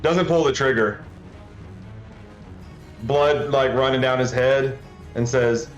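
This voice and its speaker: A man's voice: mid-range voice, unhurried, pauses often, highs cut off. A man playing a tabletop role-playing game, describing what his character does. His voice is mid-range, and he starts and restarts his sentences as he goes. The room sounds echoey, with faint music behind. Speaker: player. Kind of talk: casual tabletop play.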